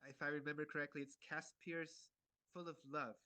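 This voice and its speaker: A man giving an art lecture in short phrases, pausing for an interpreter and filling gaps with many hesitations. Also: on the high side, level tone, sharp tone. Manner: halting, many fillers and restarts.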